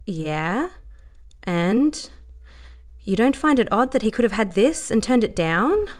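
Woman doing a sharp, callous dancer. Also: a little high, very animated, slow, pitched above the performer's own voice, heavily acted. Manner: sharp, snarling, sarcastic.

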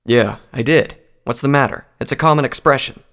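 A man's voice: medium pitch, a little fast, fairly bright tone, pitched above the performer's own voice, lightly acted. A man doing Mossneck, a sneering stallion recruit. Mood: taunting. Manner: derisive. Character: male pony recruit, sneering and mocking. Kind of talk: audiobook character voice.

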